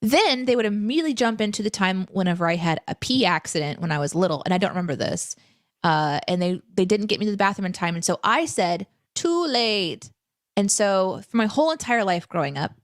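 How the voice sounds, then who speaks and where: A young adult woman co-hosting a casual live stream from home, reading viewer questions and telling stories in an animated, chatty way. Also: mid-range voice, fairly quick, dry recording, clean studio sound. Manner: animated, chatty storytelling with fillers. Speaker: co-host. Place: home room.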